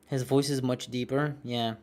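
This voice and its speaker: This late-twenties man sounds youthful as he streams, reading messages from viewers, ranting, and swearing frequently. He keeps a medium pitch and steady tone at normal speed, with a darkish quality.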